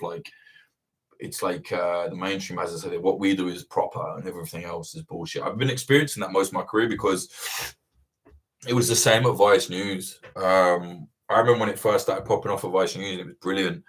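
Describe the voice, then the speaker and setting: A man hosting a livestream Q&A, chatting casually, swearing freely and rambling with lively energy. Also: low-pitched, fairly quick. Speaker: host of livestream Q&A.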